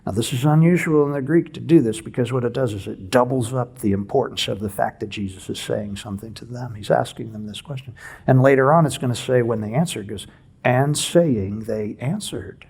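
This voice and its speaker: A man preaching a conversational expository sermon in a church, teaching with lively rhetorical questions. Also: mid-range voice, brisk, vocal fry, husky. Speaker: pastor.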